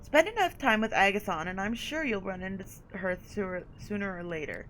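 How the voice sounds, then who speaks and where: A woman reads aloud as a haughty female vampire sire from a story game, looking down on her charge and drawling out her endearments. The voice sits at an ordinary middle pitch and is cool and patronizing. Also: lively intonation, a little fast, fairly bright tone, slight background noise, lightly acted, poor audio. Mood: condescending. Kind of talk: reading game dialogue aloud.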